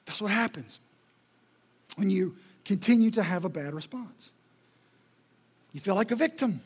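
Pastor guy preaching hard, really high voice, kinda husky, keeps repeating for punch. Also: normal speed, pauses often, a little mellow. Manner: emphatic, repetitive, rhetorical preaching. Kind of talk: sermon.

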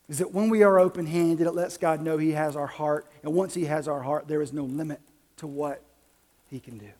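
A high-pitched man preaches a sermon, moving from easy storytelling to fervent, rising appeals. His voice rings with the long reverb of a church hall. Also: normal speed, darkish tone. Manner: storytelling, building to impassioned preaching. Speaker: pastor.

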